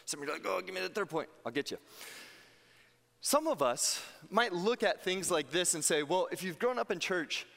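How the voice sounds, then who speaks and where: A man with a fairly high voice preaches a sermon as pastor. He tells stories animatedly, acting out the voices he quotes. His voice rings with a long hall reverb, as in a church sanctuary. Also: expressive, normal speed, creaky, fairly bright tone.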